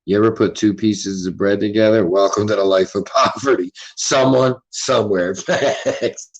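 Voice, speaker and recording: A man's voice: on the low side, fairly even intonation, normal speed. A man hosting a casual livestream, laid-back and profane, reading the chat aloud. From Philadelphia. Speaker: livestream host.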